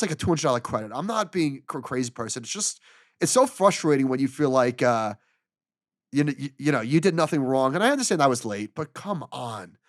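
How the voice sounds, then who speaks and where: A man in middle age tells a story on a podcast, exasperated and animated, playing every part of the exchange himself. His voice is of middling pitch. The sound is dry and close, with little room around it. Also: a little fast, no room sound. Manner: animated, exasperated retelling with quoted dialogue. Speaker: podcast co-host. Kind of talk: casual storytelling chat.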